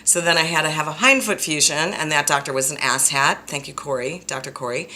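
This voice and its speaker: A woman counselor speaks directly to her viewers in a low, forceful voice. She is frank and blunt, and stresses her points by repeating them. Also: a little fast. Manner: frank and blunt, openly emotional; emphatic, repeats phrases for stress. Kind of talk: direct-to-camera personal talk.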